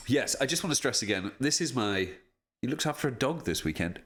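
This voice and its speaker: A man's voice: mid-range voice, animated, a little fast, fairly bright tone, slight background noise. A man hosting a casual live stream from his room, chatting with viewers, reading out their messages and joking at his own expense. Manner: chatty, jokey, reads chat aloud, self-deprecating. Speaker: voice actor streaming a signing. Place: home room with lamps and streaming setup.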